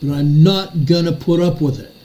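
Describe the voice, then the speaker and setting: A man's voice: fairly high pitch, fairly even intonation, normal speed, warm tone, rough recording. An older man hosting a commentary show, ranting furiously and repeating his phrases for emphasis. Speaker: show host.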